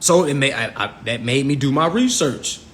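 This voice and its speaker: A man talking casually to a live audience, animated and loose. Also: moderate pace, slight background noise. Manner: animated, shouts quoted voices in a high squeal. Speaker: Instagram live host.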